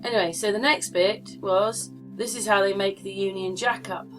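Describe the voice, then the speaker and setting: A chatty woman talks her viewers through pictures on screen. Her voice sits at an ordinary middle pitch. She rambles and asks them questions as she goes. Soft music plays faintly behind her. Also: steady tone, normal speed, low-quality recording. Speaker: channel host. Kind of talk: casual screen-share commentary.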